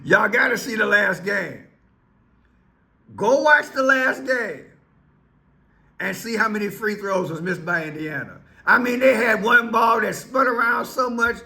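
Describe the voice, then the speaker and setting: A man's voice: high-pitched, sharp tone. A man giving casual, teasing commentary on news clips, with playful asides. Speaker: commentary vlogger.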